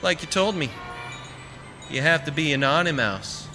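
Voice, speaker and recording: A man voicing a calm, stubborn small boy who speaks in a flat, insistent way, in a recording with long reverb and faint music. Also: a little high, moderate pace, pitched above the performer's own voice.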